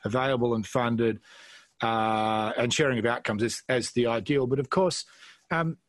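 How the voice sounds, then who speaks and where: A man's voice: mid-range voice, fairly even intonation, normal speed, dry recording. A man with an Australian accent asking a panel question over a video call, in a self-deprecating, hesitant way with many fillers. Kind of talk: conference discussion.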